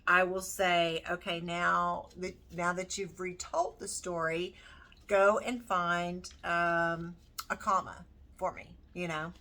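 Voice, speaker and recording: A woman with a slightly low voice walks through her homeschool curriculum at a slow, easy pace. She thinks aloud as she goes, filling pauses with ums and you-knows. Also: level tone, pushed and bright. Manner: unhurried, thinking aloud with many fillers. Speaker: homeschooling parent. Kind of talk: casual curriculum walkthrough.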